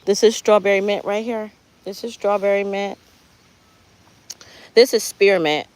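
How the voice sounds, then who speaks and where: A chatty woman walks through her garden outdoors, speaking into a phone she carries. Her middle-pitched voice sounds heartfelt and thankful as she points things out to her viewers. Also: fairly even intonation, a little slow. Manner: chatty and heartfelt, often speaks of prayer and gratitude. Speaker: gardening channel host. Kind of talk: casual live garden tour.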